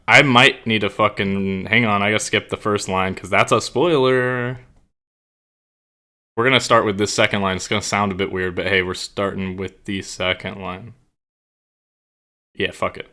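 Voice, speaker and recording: A man's voice: lowish voice, bright, forceful tone. A man streaming live, chatting casually and reading his own story aloud, rambling and self-conscious, with plenty of swearing.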